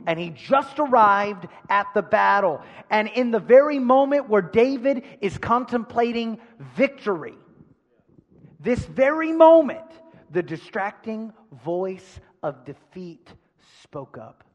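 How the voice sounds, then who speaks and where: A man's voice: high voice, big-room sound, muffled recording. A male pastor preaching a sermon in a church, emphatic, repeating phrases and putting questions to the congregation. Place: church sanctuary.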